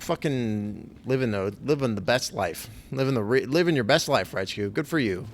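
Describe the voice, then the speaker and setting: Young male streamer, gravelly, sarcastic and swearing, animated delivery. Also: medium pitch, moderate pace. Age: young adult. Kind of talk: live game-stream commentary.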